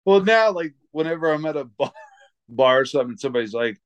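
A man's voice: a little high, expressive, fast, smooth, dry recording. A man chatting casually as a stand-up comedian co-host, telling stories about shows, swearing and laughing. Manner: storytelling, swears freely, laughs a lot. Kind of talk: casual podcast chat.

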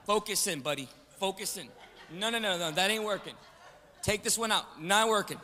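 With a voice that sits high, pushed and bright, a guest speaker preaches at a moderate pace, joking and getting the crowd to call back. The recording comes from a reverberant large church sanctuary with slight background noise.

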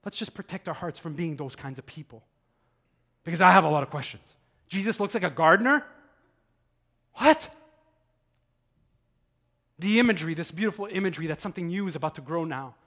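A male pastor preaching a sermon in a conversational, animated way, swinging from loud emphasis to hushed passages. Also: on the high side, fast talker.

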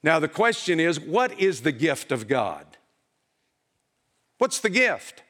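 A high-voiced male pastor delivers a sermon from the pulpit. He preaches emphatically, firing rhetorical questions at his congregation and answering them himself. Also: very animated, takes it slowly, fairly bright tone. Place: church.

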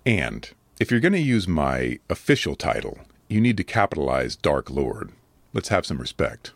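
Very deep, rough-voiced man. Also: very animated, moderate pace, dry recording. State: a little rough from allergies. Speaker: adult video creator answering comments. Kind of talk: casual commentary on viewer comments.

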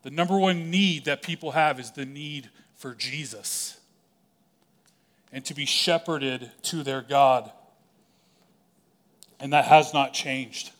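A man pastor delivering a sermon in a conversational style, with casual asides and quick acted-out quotes. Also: medium pitch, fairly bright tone.

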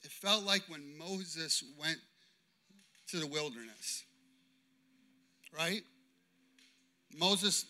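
A man preaching a sermon as pastor, impassioned and swinging between loud declarations and hushed storytelling. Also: sits high.

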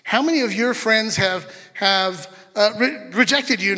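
Male pastor, high bright voice, lively sermon delivery, long hall reverb. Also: moderate pace, hardly any pauses. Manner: animated, chatty asides to the congregation.

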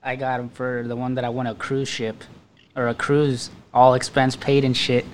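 A man's voice: mid-range voice, level tone, normal speed. A man co-hosting a podcast, telling stories in a loose, profane, laughing way. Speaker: podcast co-host. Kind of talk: casual chat.

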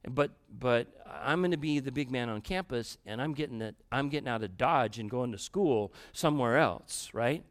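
A man giving a storytelling sermon to a live audience in a room, talking conversationally and turning to them directly, swinging between quiet asides and loud, emphatic bursts. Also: mid-range voice, expressive, normal speed, hardly any pauses.

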